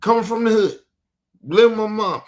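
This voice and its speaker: A young man, ranting emotionally and profanely on a live stream, dropping low and quiet, then bursting out loud. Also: fairly quick.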